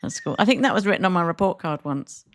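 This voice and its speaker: Gravelly-voiced woman, laughing chat. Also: on the low side, lively intonation, fast, a little hiss or hum. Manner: self-mocking, rambling, laughs often. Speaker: podcast co-host. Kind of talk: casual chat.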